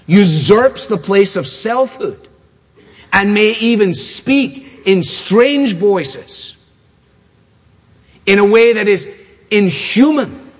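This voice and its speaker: Husky-voiced man preaching in a hall. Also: sits high. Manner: emphatic, repetitive preaching cadence. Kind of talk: sermon. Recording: long hall reverb.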